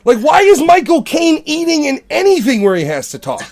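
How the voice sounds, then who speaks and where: A man's voice: very high voice, wildly swooping pitch, a little fast, a crowd in the background. A man hosting a podcast, ranting in casual, profane chat. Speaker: podcast host.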